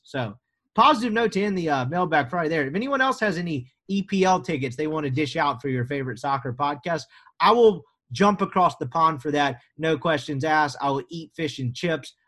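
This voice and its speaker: A man's voice: a little high, fairly bright tone. A young American man hosting a sports podcast, rambling and joking through listener questions. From United States. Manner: joking, rambling, self-deprecating. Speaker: podcast host. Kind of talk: casual podcast chat.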